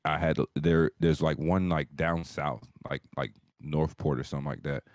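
A man's voice: a bass voice, moderate pace, no room sound, studio quality. A man co-hosting a podcast over a video call, telling a long profane story in casual chat. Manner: rambling, profane, animated storyteller. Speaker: podcast co-host.

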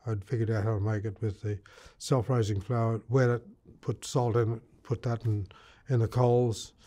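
A man's voice: lowish voice, level tone, normal speed, warm tone. An older man from Australia, an interviewee telling his life story in a rambling way, full of fillers and repeated words.

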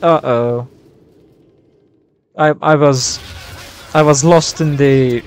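A young man streaming a war game live, reacting loudly, swearing and yelling at his teammates. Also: a little high, steady tone, very slow, long pauses. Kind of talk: live gameplay commentary.

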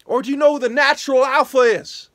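A man with a strikingly high, sharp voice rants furiously at his viewers. He swears freely, hectors his audience, and climbs into shouting. The sound is dry and close. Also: steady tone, quick pace, dry recording. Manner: angry, profane, hectoring; rising to shouting. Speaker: vlogger. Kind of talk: ranting monologue.

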